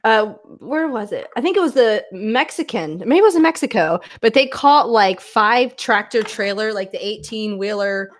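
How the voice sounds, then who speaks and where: A woman's voice: a little high, lively intonation, moderate pace, few pauses. Chatty American woman host. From United States. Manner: chatty, many fillers. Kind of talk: casual chat.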